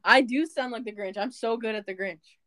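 A woman's voice: fairly high pitch, fairly quick, a bit bright. A young woman co-hosting a podcast in casual chat, playful and teasing, laughing often. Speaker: podcast co-host.

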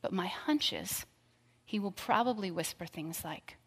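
A woman giving a sermon, telling a story and dropping to a soft whisper for tender lines. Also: medium pitch, expressive, a little slow, breathy edge, in a large hall. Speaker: pastor.

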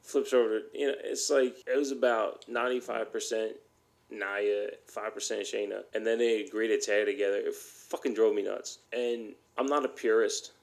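Man, podcast host, heated blunt rant, gravelly low voice. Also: steady tone, moderate pace. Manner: blunt, heated, swears often.

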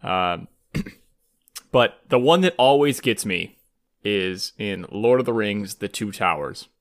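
A man's voice: lowish voice, expressive. A man with a Michigan accent co-hosting a podcast in casual chat, talking with feeling and many stops and restarts. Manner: emotional, halting, many restarts. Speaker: podcast co-host.

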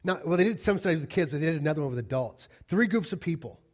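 A man preaching a sermon, talking casually to the congregation and building to loud, passionate peaks. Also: on the high side, animated, fast talker. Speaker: pastor. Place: church.

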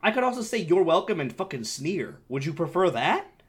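A young man with an animated delivery, casually telling a story on a podcast, swearing freely and acting out the voices of the people in it. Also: on the high side, fairly quick, husky. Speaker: podcast co-host.

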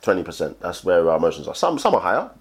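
Animated man, lowish voice. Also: very fast, husky. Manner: animated, acts out quoted voices. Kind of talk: casual chat.

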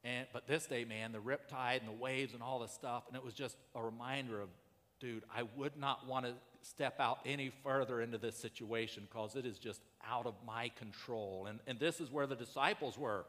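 Male pastor, conversational sermon delivery that builds to urgency, bright timbre, long hall reverb. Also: medium pitch, fairly even intonation, moderate pace. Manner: conversational preaching, rising to urgent emphasis.

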